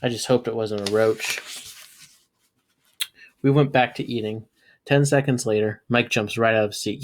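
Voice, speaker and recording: A man, a teacher, reading a novel aloud and bringing the dialogue to life with sudden jumps in pitch and loudness. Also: normal speed, pauses often. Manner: lively, voices characters with jumps in pitch and loudness. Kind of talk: read-aloud storytelling.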